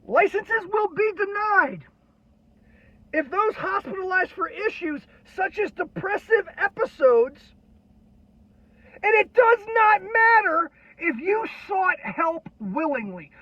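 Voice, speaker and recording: Brief: furious veteran ranter, strained very high voice, constant swearing, dull lo-fi recording. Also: male voice, big pitch swings, takes it slowly. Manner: irate, heavily profane, shouting. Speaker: military veteran ranting on video. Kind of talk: angry political rant. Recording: dull lo-fi, dry sound.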